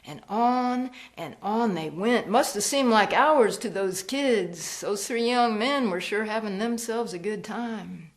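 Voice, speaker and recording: A woman storyteller performing a ghost story, slow and hushed, dropping to whispers. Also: medium pitch, expressive.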